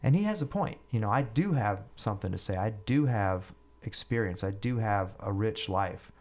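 A man's voice: lowish voice, lively intonation, normal speed, darkish tone. A middle-aged male musician, a podcast guest, telling stories in a chatty way, often repeating words and acting out conversations. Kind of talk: storytelling in a podcast interview.

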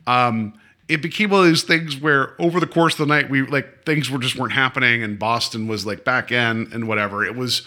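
A man's voice: medium pitch, a little fast, bright, forceful tone. A man co-hosting a podcast, tipsy from drinking, rambling through a story with lots of fillers and self-corrections. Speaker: podcast co-host. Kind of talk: casual chat.

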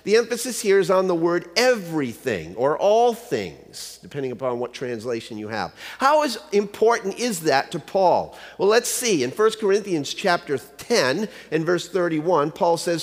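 A man's voice: a little high, sing-song, moderate pace, hardly any pauses. A man, a pastor, preaching a sermon. He keeps asking the listeners rhetorical questions and tells a joke story to make his point. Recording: long hall reverb.

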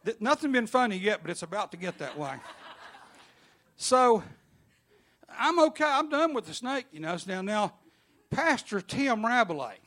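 A man telling an animated, funny story to a church congregation. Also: sits high, moderate pace.

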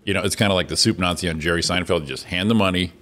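A man co-hosting a casual morning show, telling stories with profanity, self-deprecating jokes and quick impressions. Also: sits low, a bit bright. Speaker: co-host.

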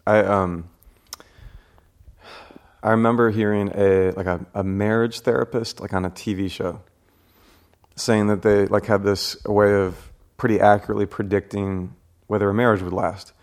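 Reflective low-voiced pastor, man. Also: steady tone, moderate pace, pauses often. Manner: reflective, many fillers and restarts. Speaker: pastor and podcast host. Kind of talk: casual interview chat.

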